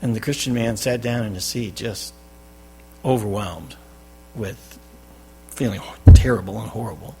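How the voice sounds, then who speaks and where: A man preaching a sermon as pastor, with loud stressed phrases that drop to quiet endings. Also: lowish voice, moderate pace, a little hiss or hum. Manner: emphatic, swinging between loud stresses and quiet drops. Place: church.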